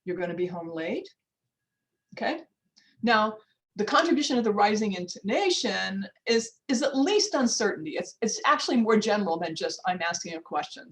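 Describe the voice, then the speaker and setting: An older woman from the United States, a linguistics professor, gives a workshop lecture over a video call with a chatty, informal tone, often restarting, going off on asides and checking the time out loud. She has a mid-range voice, and the audio is poor.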